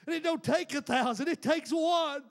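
A pastor preaches in a strikingly high voice. He piles up fervent rhetorical questions to his congregation in the church. It is a classic revival-style sermon. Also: normal speed, gravelly. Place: church building before a congregation.

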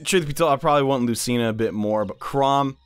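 A young man hosting casual gaming commentary, excitable and chatty, with frequent exclamations. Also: mid-range voice, fast, clear, resonant tone, faint music behind. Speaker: YouTube gaming host.

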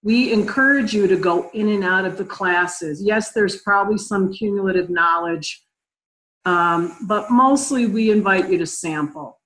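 A woman's voice: medium pitch, a little slow, fairly bright tone, poor audio. A woman hosting a live online question-and-answer session over a video call, chatty and friendly, with some fillers. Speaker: host of an online conference preview. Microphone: computer mic on a video call.

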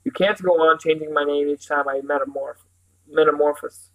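A man reading aloud as a motherly, shape-shifting celestial woman who speaks gently and reassuringly. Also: on the high side, steady tone, moderate pace, close to an everyday voice, poor audio. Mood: gentle.

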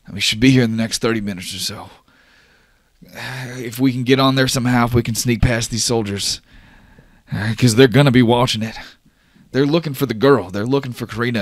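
A man's voice: mid-range voice, dry recording, clean studio sound, voice pushed up, natural voice. A man voicing a panicked young male rig worker who stammers and repeats himself, worried for his grandmother.

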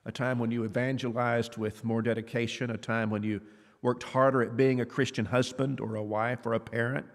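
A man with a mid-range, level-toned voice preaches briskly in a church auditorium, earnest and conversational as he asks his listeners questions. The recording has a church hall's long reverb.

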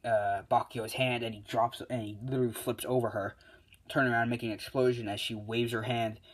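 A man casually retelling a fan-made story as a YouTuber, rambling with lots of fillers and self-corrections. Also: mid-range voice.

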